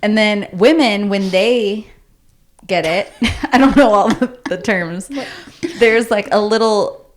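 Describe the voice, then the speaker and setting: A woman co-hosting a podcast, speaking at a middle pitch. She jokes drily and tells stories loosely, as in casual chat. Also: takes it slowly, slight background noise. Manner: dry, joking. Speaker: podcast co-host.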